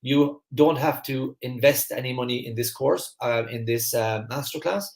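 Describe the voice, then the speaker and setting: An energetic Irish man with a Kerry accent, hosting a live stream and talking quickly with plenty of restarts. His voice sits at an ordinary middle pitch. The room around him gives the sound a noticeable echo. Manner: fast, energetic, chatty, many fillers and restarts. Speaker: host of a live online masterclass. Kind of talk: live-stream talk to viewers, reading the chat.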